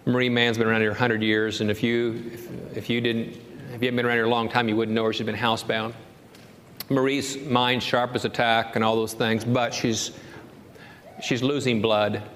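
A male pastor preaches a heartfelt sermon in a large room with long, lingering reverb, and the faint hush of the space sits behind him. His voice sits at a middle pitch but climbs high and urgent as he reads scripture aloud. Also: level tone, normal speed, a little hiss or hum. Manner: storytelling, rising to an impassioned high pitch when quoting and preaching. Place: church sanctuary.

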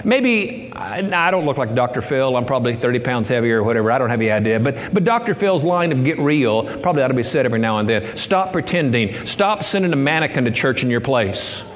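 A man's voice: medium pitch, very animated, fast, few pauses. Earnest male pastor preaching in a hall. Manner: earnest, builds to impassioned raised delivery. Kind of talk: sermon. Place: church sanctuary. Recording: reverberant hall, faint ambience.

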